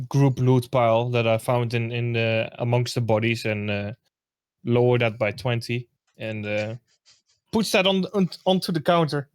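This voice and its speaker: A player in a tabletop game who talks haltingly, full of fillers and restarts. The recording is dry and close. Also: mid-range voice, clear, resonant tone, no room sound.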